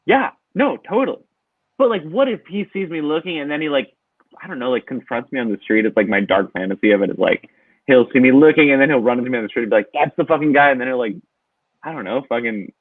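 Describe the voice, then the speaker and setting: A man's voice: mid-range voice, fast talker, dry recording. Anxious rambling man on a tinny line. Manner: anxious, rambling, lots of fillers. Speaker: guest asking for advice. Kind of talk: casual comedic advice chat. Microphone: video call. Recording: tinny phone-like dry line.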